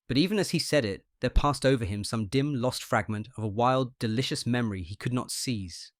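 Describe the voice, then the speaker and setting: An audiobook reader, a man, narrates a short story in an unhurried, measured way at a middling pitch. The recording is dry and close, with no room sound.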